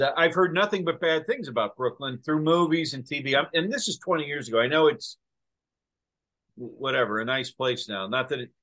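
A man hosting a casual talk show, telling stories in an animated way and acting out quoted voices. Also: mid-range voice. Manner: animated storyteller, acts out quotes. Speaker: podcast host. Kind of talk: casual storytelling chat.

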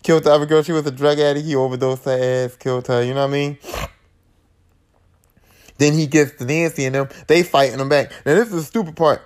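A man hosting his own podcast, retelling horror movies in a loose, rambling way full of slang and profanity. His speaking voice sits a little higher than most men's. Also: fairly even intonation, fast talker, darkish tone. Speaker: podcast host. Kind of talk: casual movie recap.

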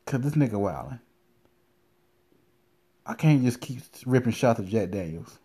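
A man's voice: mid-range voice, expressive, a little slow, dark tone, breathy edge. A young man hosting a podcast from his car, telling crude, profane stories in a loose, rambling way. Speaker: podcast host. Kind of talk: casual profane storytelling.

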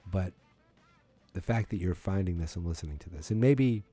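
Weary, sarcastic low-voiced man podcasting. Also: moderate pace, warm tone, dry recording, faint music behind. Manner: dejected, sarcastic, swearing. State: tired, yawning late at night. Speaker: podcast host. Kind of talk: solo sports podcast rant.

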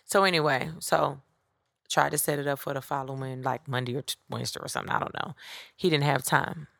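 A woman with a low, gravelly voice tells a story in a casual solo podcast. She is candid and profane, talks straight to her listeners with plenty of sass, and sounds close and dry on the mic. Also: fairly even intonation, brisk, a bit bright, no room sound. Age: adult with children. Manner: sassy, speaks straight to listeners. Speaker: podcast host.

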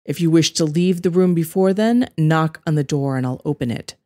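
A woman voicing an impassive female werewolf guard who speaks low and clipped. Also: normal speed, mellow, close to an everyday voice. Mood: cold. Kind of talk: audiobook character voice.

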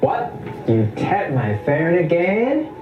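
A man's voice: a little high, wildly swooping pitch, slow pace, muffled recording, heavily acted. An actor playing an indignant, flustered male spy in a cartoon spoof, recorded in a roomy space with music behind him. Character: suave bumbling male spy.

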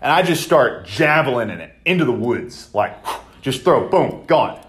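A man, chatting casually on a podcast and telling stories in a profane, animated way. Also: medium pitch, normal speed. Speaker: podcast co-host. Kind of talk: casual chat.

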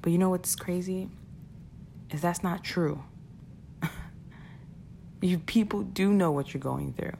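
A woman's voice: lowish voice, slow, vocal fry, long pauses, dark tone, slight background noise. A woman talking casually and earnestly to her listeners about keeping perspective, often repeating words and laughing between points. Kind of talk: casual motivational talk.

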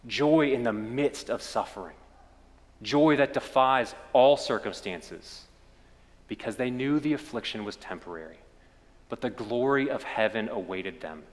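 Casting: male pastor with a Kentucky accent, storytelling sermon style, big swells and quiet drops, echoing sanctuary. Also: lowish voice.

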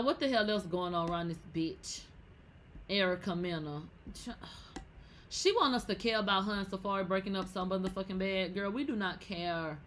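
A woman with a bright, sharp voice dishing celebrity gossip. She talks brashly and swears freely. Her casual commentary keeps erupting into loud outbursts. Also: on the low side, slight background noise. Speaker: gossip vlogger.

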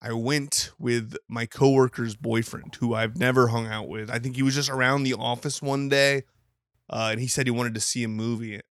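A man co-hosting a podcast in casual chat, telling stories in an animated way and swearing freely. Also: mid-range voice, normal speed, dry recording, studio quality. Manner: animated storytelling, swears, mock indignation. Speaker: podcast co-host.

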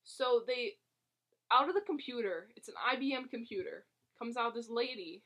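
A woman's voice: on the high side, moderate pace, fairly bright tone. Rambling, giggly woman recapping a movie. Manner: rambling, giggly, lots of fillers and self-interruptions. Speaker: podcast co-host recapping a movie. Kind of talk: casual chat.

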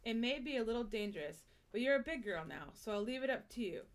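A woman's voice: on the high side, animated, quick pace. A woman voicing a curious middle-aged father exploring a cave, eager and encouraging, in a storytelling podcast reading. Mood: wondering.

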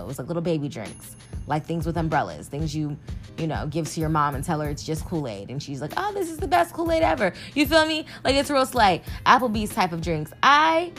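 Young woman host, lower-pitched, chatty monologue over faint music. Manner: chatty, animated, addresses listeners as y'all. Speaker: podcast host. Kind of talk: casual personal monologue.

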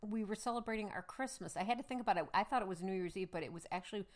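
A woman co-hosting a casual chat, telling a story with animated delivery, laughing often and acting out quotes. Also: mid-range voice, racing. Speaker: podcast co-host; mother.

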